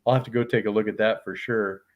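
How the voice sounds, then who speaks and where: A man's voice: lowish voice, steady tone, fast talker, muffled recording, slight background noise. A man from Texas hosting a casual live video stream, reading out viewers' comments and inviting guests to speak. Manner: friendly, reads out chat comments. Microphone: video call.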